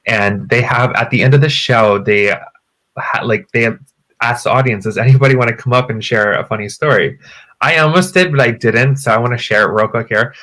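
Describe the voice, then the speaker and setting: A man in a casual podcast chat, telling a story in a lively way. He swears often and jumps his voice way up whenever he quotes someone. His voice sits at an everyday mid pitch. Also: fairly quick. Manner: animated storyteller, swears freely, jumps to high pitch when quoting people. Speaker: co-host.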